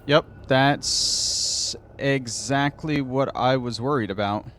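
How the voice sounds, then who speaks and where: A man's voice: medium pitch, takes it slowly, a bit bright, a little hiss or hum. A man hosting a gaming channel, thinking aloud and muttering to himself in casual commentary while he plays.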